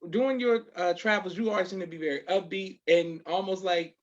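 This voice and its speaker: A man with a high voice hosts a podcast and asks his guest questions in a relaxed, conversational tone. He often answers with a quick "yes, sir". The sound is muffled and lo-fi. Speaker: podcast host. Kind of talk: casual interview questions.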